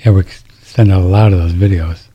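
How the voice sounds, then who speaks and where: Middle-aged male radio host, low husky voice, rambling and riled up, restarts a lot. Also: steady tone, brisk, dull audio. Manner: rambling, indignant, restarts sentences. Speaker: radio talk show host. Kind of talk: casual talk radio monologue.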